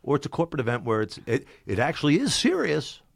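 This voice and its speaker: A man's voice: on the high side, wildly swooping pitch, fast, gravelly, no echo. A man in a studio, chatting casually on a podcast and joking around in character voices. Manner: playful, jokey, slips into character voices. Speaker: voiceover talent and event host.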